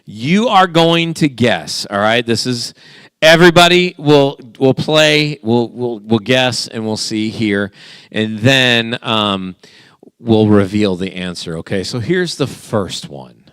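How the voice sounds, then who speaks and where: A man's voice: mid-range voice, expressive, a bit bright, clear, resonant tone, no echo, clean studio sound. A man hosting a guessing game for a church youth group, playful and teasing with the teens. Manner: playful, teasing, quick back-and-forth with the group.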